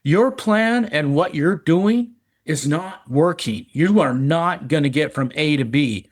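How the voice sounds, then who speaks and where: A man's voice: on the high side, expressive, takes it slowly. A middle-aged man telling a personal recovery story in casual chat, earnest, often repeating words and restarting. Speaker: recovery podcast guest.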